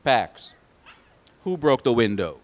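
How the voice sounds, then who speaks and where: A man telling a picture-book story to children, pausing to ask them questions. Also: mid-range voice. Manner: animated, asks the children questions.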